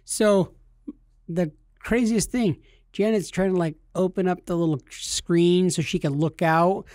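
A man in his thirties, a podcast co-host, telling a funny story casually and jumping into high, shouty voices when he quotes people. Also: fairly even intonation, a little slow, no room sound, clean studio sound.

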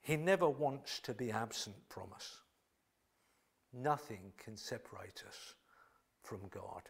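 A man preaching a sermon in a church, dropping to hushed near-whispers, then building to loud, excited exclamations. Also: medium pitch, unhurried, husky.

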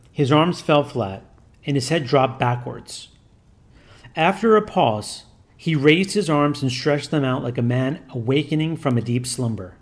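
Male narrator, mid-pitched, solemn, measured storybook reading. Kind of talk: scripted narration.

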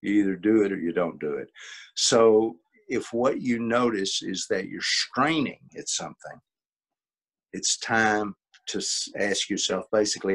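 A man's voice: on the low side, measured pace, a bit bright, breathy edge. An older man leading a coaching webinar, explaining in a folksy way with acted-out examples over a video call. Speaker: coach and workshop leader. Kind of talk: teaching a webinar.

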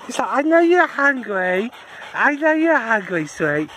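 A woman's voice: a little high, sing-song, unhurried, fairly bright tone, slight background noise. A woman walking dogs outdoors, cooing and chuckling at them in a sing-song baby talk for her video diary. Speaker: dog walker. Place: outdoors on a dog walk.

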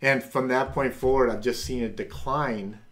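A middle-aged man hosting a podcast, telling a personal faith testimony and acting out the voices of people in it. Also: moderate pace. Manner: animated, acts out quoted voices with big pitch jumps. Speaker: podcast host.

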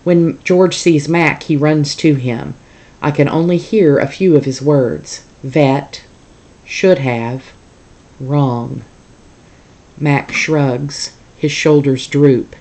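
A teacher reading a novel aloud to a class in a calm, steady storytelling manner. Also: medium pitch, slow.

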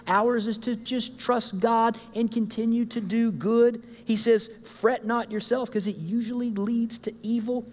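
Animated high-voiced male preacher. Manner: animated, jokey, acts out listeners' complaints. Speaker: guest speaker. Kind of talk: sermon. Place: church sanctuary. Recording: reverberant church hall.

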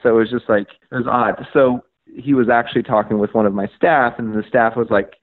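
A man telling his story as a podcast guest, animated, acting out conversations and using lots of "like" and "um". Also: mid-range voice, fairly quick, narrow, tinny audio. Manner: frequent fillers like "like" and "um". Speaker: podcast guest, media outlet founder.

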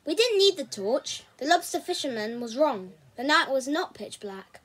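A woman reading a novel aloud chapter by chapter, in a steady, measured storybook way. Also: high voice, rough recording. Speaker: reader.

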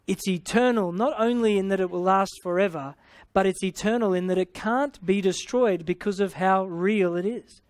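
A man's voice: high-pitched, normal speed, no room sound, clean studio sound. An Australian man preaching a sermon, punctuating his teaching with hallelujah and amen and paraphrasing scripture playfully.

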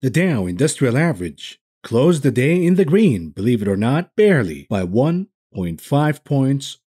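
A man's voice: medium pitch, very animated, moderate pace, mellow, husky. A man hosting a finance show, delivering a combative, sarcastic market commentary monologue.

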